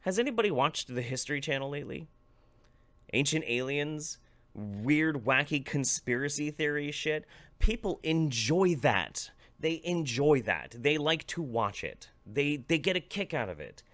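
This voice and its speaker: Angry ranting man, lively pitch. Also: moderate pace. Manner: angry, profane, swings between low mutters and sharp outbursts. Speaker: YouTube commentator. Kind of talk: ranting commentary.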